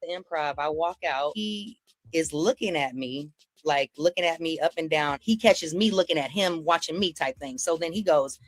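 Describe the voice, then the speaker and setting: Animated woman comedian recounting a fight. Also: low-pitched, moderate pace, no room sound. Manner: animated storytelling, acts out the other people's lines. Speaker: comedian telling her story. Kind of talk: recounting an incident in a clip.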